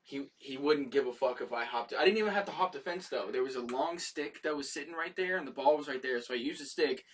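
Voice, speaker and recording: A man's voice: medium pitch, fast talker, hardly any pauses, recorded from a distance. A man co-hosting a casual live talk show, telling family stories with laughs and casual swearing. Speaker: podcast co-host. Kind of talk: casual chat. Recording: voice from off the mic.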